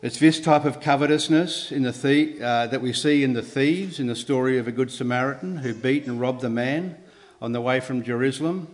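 Earnest man preaching a sermon. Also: mid-range voice. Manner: earnest, measured, with restarts and emphatic rises.

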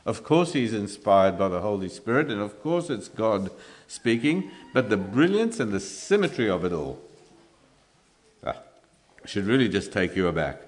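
A man's voice: fairly low pitch, sing-song, normal speed. A man preaching a sermon in an earnest way, often stumbling and restarting with filler sounds.

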